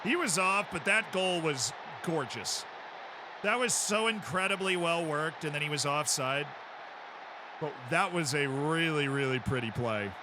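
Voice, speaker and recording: A man streaming a football management game, chatting and excitedly calling the plays as they happen. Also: on the high side, unhurried, noisy background. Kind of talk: live game commentary.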